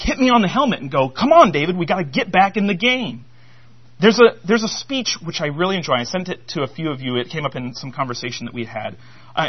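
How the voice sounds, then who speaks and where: A man preaching in a relaxed, talkative way, his voice sitting a little high for a man. He restarts phrases often and leans on fillers as he builds his point. The recording sounds dull and low-fidelity. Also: husky. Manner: conversational, animated, with frequent restarts and fillers. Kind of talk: sermon.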